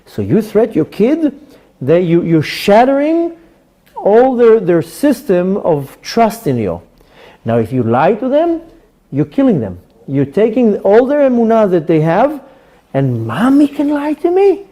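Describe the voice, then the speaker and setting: Teaching Torah before a live audience, this rabbi is animated and performs small dialogues along the way. He speaks in a high-pitched voice, a little slowly.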